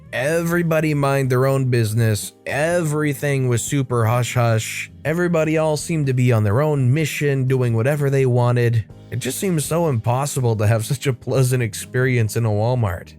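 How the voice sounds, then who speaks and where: Male story narrator, steady and conversational. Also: medium pitch. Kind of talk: reading online stories aloud with commentary.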